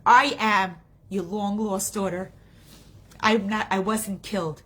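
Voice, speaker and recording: A woman's voice: mid-range voice, fairly even intonation, takes it slowly, pushed and bright, pitched below the performer's own voice. A woman voicing a young woman doctor who speaks in an urgent, reassuring way. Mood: moved.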